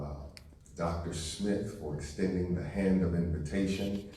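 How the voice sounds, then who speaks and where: A man from St. Louis giving a keynote speech to a live audience, telling stories in a warm, conversational way. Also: sits low, fairly even intonation, normal speed, slight background noise. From St. Louis, Missouri. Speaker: keynote speaker. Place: large hall with live audience. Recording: echoey hall, voice from a distance.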